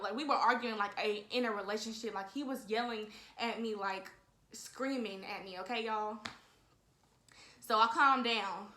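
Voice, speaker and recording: A young woman in her twenties with a fairly high, bright and forceful voice. She tells a casual storytime to her viewers, animated and direct, often calling them "y'all". The room around her sounds echoey. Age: 20s. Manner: animated, talks straight to viewers, frequent "y'all". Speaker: vlogger telling a story.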